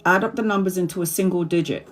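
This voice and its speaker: A woman's voice: lowish voice, steady tone, quick pace, faint music behind. A woman in her forties, a tarot reader chatting casually to subscribers on a livestream, rambling, repeating herself and laughing often. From Brazil. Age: 40s.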